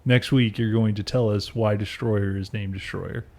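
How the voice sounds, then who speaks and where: A man's voice: on the low side, fairly even intonation, moderate pace, darkish tone. A man co-hosting a podcast who chats in an easygoing way and chimes in with teasing remarks. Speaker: podcast co-host. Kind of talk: casual chat.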